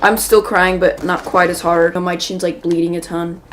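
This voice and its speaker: A woman's voice: fairly low pitch, level tone, moderate pace, a little hiss or hum. A woman hosting a gaming video, telling a rambling, chatty story while she plays and breaking off to react to the game. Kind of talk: casual storytelling while playing a shooter game.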